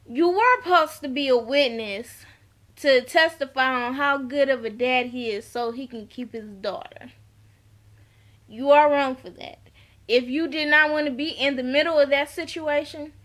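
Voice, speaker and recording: Bright-voiced woman recapping reality TV. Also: sits high, measured pace. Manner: animated, blunt and slangy, laughs often. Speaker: reality TV reviewer. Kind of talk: casual recap vlog.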